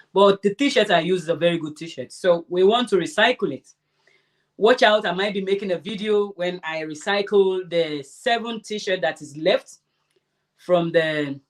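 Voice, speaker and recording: A woman hosting a crafting livestream, chatting casually and warmly answering her viewers' comments. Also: lowish voice. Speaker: crafting channel host.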